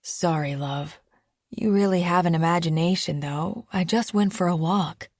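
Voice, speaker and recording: A woman's voice: lowish voice, normal speed, darkish tone, no echo, clean studio sound. A woman reading an audiobook, voicing a young adult man who is an easygoing, mildly dismissive boyfriend. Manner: casual, teasing, mildly scoffing. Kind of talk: audiobook character voice.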